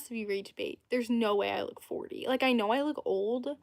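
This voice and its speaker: A woman's voice: a little high, moderate pace, hardly any pauses. An eighteen-year-old woman chatting casually on a livestream, rambling between topics and answering viewers' comments.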